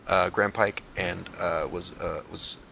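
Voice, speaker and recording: A man's voice: deep voice, fairly even intonation, slow, creaky, pushed and bright, slight background noise. A man narrating a tabletop game as game master, rambling with many fillers, on a dull lo-fi recording.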